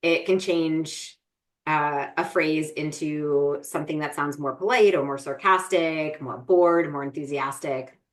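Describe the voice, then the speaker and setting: Low-voiced woman co-host explaining things. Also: steady tone, measured pace. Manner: explains things thoughtfully, often adds "right?". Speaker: podcast co-host. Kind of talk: casual podcast chat.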